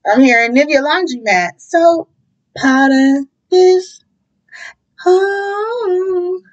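High-voiced profane woman reading tarot. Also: extremely slow, highs cut off. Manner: profane, animated, breaks into song. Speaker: tarot reader. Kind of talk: casual tarot reading with singing.

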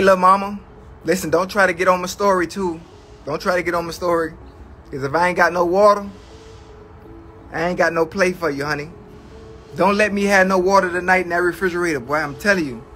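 A man's voice: a little high, a bit bright. Man, livestream rant, mock outrage, slangy, repetitive, profane, faint background music. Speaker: livestreamer addressing his chat.

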